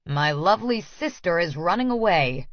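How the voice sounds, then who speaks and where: A man's voice: high-pitched, animated, normal speed, dry recording. A woman voicing a sarcastic, teasing older brother with a dry, joking drawl, in an audiobook. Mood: wry. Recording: dry, slightly dull studio audio.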